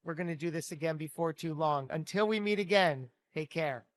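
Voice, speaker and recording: A man's voice: a little high, brisk, dry recording. A man hosting an interview show, effusive and upbeat as he wraps up and thanks his guest. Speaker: podcast host. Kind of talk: interview and promo outro.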